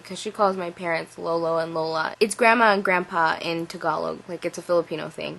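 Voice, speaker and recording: A young adult woman telling a story to camera in a casual vlog, animated and full of "like" fillers. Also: on the low side, normal speed, creaky, low-quality recording. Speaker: vlogger.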